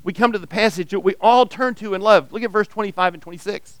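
A pastor preaches in a high, ringing voice that carries cleanly. He speaks earnestly, circling back on words as he finds his phrasing, and the sound is dry and close with no room around it. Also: fast talker, no room sound. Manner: earnest, reads aloud expressively, repeats words when restarting. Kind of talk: sermon.

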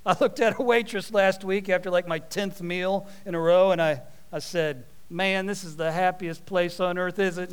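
A man preaching a sermon, telling a parable with folksy, animated asides. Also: high-pitched, normal speed, few pauses, smooth.

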